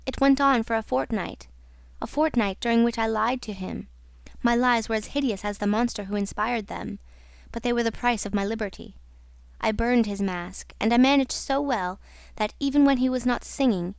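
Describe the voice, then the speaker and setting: A woman narrating an audiobook in a slow, dramatic reading style. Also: a little high, creaky, clear, resonant tone, no room sound. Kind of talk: scripted narration.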